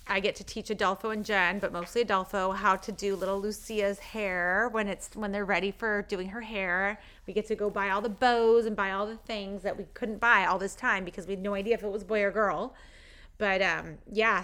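A woman in her thirties hosting a podcast, telling a family story in a chatty, excited way with lots of fillers. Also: medium pitch. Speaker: podcast host. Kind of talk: casual personal storytelling.

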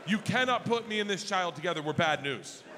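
A man doing crude, animated stand-up storytelling on a theater stage into a handheld mic, with an audience present. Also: high-pitched, brisk, noisy background. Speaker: stand-up comedian. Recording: live theater hall with audience.

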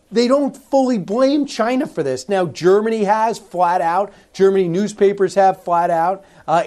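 A man's voice: high voice, darkish tone. A male radio host interviewing a guest, pressing his points with emphatic, pointed questions. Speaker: radio talk show host.

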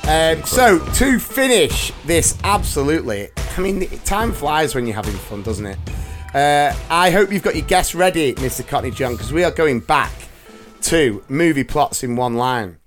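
A man's voice: on the high side, expressive, moderate pace, over music. A man hosting a movie podcast, jokey, upbeat and chatty. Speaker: podcast host. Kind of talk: casual chat.

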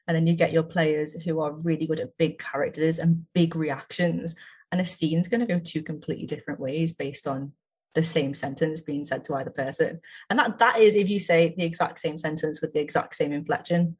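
A woman's voice: sits low, steady tone, moderate pace, darkish tone, breathy edge. A woman improv performer being interviewed, chatting eagerly and laughing often. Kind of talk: casual chat.

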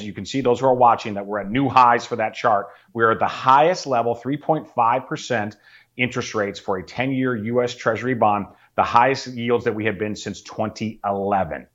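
A man's voice: medium pitch, normal speed, a bit bright. An earnest man explaining economic news in plain terms to a host. His voice comes through a slightly dull, lo-fi line. He walks through the figures step by step. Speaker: economic commentator.

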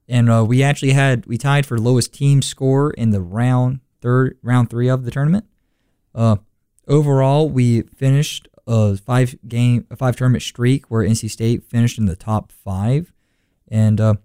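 Mellow young man reading golf results. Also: mid-range voice, clear, resonant tone, dry recording, clean studio sound. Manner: relaxed, many fillers. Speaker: stand-in co-host. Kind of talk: casual sports results rundown.

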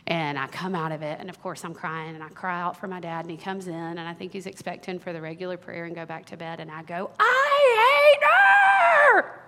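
A woman in her thirties, a worship leader, telling a personal story in a sermon with earnest warmth and small laughs. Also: fairly low pitch, little pitch movement, fast talker, few pauses. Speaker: worship leader giving a talk. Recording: long hall reverb.

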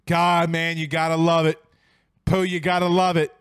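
A man's voice: on the high side, flat delivery, normal speed, smooth, no room sound, studio quality. A tipsy young man hosting a sports livestream, reading viewer comments in a rowdy, profane, laughing way. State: tipsy from whiskey. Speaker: sports show host.

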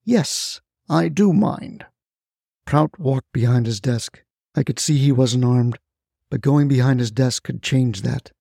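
A man narrating a first-person crime story in a terse, deadpan way. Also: mid-range voice, measured pace, creaky, dry recording, clean studio sound.

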